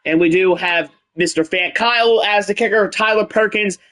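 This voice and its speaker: A man's voice: high-pitched, normal speed, fairly bright tone. A man doing a put-on Irish accent while hosting and commentating a football video game dynasty, calling things out like a hyped announcer. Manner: hyped announcer calls with Irish-style "laddies". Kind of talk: gameplay commentary.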